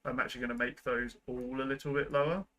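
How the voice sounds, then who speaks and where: A young man at his computer, explaining video editing steps in a relaxed, rambling way full of ums and likes. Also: medium pitch, quick pace, rough recording. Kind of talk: casual screen-recorded tutorial. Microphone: desk microphone at a computer.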